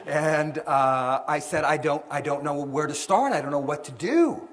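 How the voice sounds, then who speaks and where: A middle-aged author and seminar speaker tells a story to a live audience in an event hall, acting out the voices of its characters. His voice is fairly high and animated, at a normal speed.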